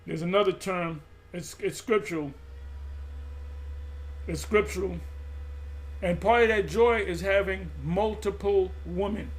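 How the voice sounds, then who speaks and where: A man preaching in an impassioned monologue, emphatic and repetitive, often stumbling and restarting mid-phrase. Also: high-pitched. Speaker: religious group teacher.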